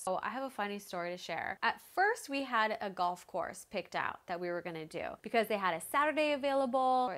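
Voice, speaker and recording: A woman in her thirties, a fitness vlogger, telling a story in a casual vlog, chatty and animated, full of "like" fillers and acted-out quotes. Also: mid-range voice.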